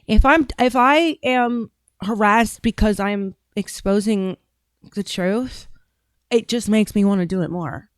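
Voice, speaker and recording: A woman's voice: mid-range voice, measured pace, smooth, dry recording. A woman hosting a casual political commentary podcast, talking bluntly and rambling, with frequent restarts. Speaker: podcast host and political candidate.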